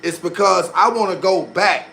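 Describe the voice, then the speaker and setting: A man's voice: high-pitched, moderate pace, gravelly, sharp tone, a little hiss or hum. A young man hosting a live stream, talking in a slangy, repetitive style, calling out viewers and thanking them for gifts as he gives his take on the news. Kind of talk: casual live-stream commentary.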